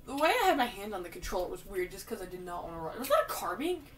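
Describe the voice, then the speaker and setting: A woman giving casual, jokey commentary while she plays a video game, with sudden loud outbursts. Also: medium pitch, very animated, quick pace, recorded from a distance, slight background noise. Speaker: gamer playing through a video game.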